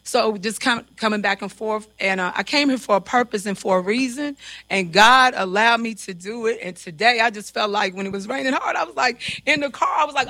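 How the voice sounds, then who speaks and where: Soft-spoken bright-voiced grieving woman. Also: fairly high pitch, dry recording. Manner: soft-spoken, emotional, slow in places. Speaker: panel guest, grieving mother. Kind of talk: personal testimony.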